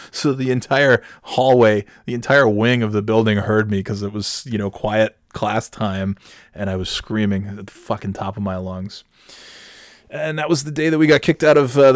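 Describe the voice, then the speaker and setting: A man with a low voice tells a casual, rambling story, swearing freely and stumbling through restarts. His voice is recorded dry and close, with no room sound. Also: fairly even intonation, a little fast, no room sound. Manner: rambling, profane, with many restarts. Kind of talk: casual anecdote.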